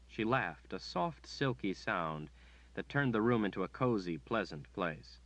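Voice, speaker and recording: Deep male voice reading a fantasy audiobook, measured, kinda dull lo-fi sound. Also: fairly bright tone. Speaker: audiobook narrator. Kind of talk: scripted narration.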